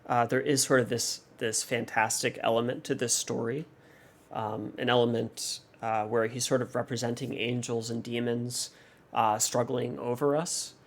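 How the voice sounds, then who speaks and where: A man's voice: mid-range voice, flat delivery, normal speed. A man hosting a music reaction channel, analyzing a song in a thoughtful, hesitant way with many fillers and restarts.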